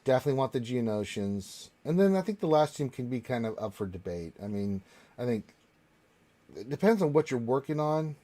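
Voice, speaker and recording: Chill guy hosting a live q&a, reads questions out, rambles a bit, mid pitch. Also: brisk. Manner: relaxed, rambling, many fillers and restarts. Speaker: panel host reading viewer questions. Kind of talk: casual live Q&A chat.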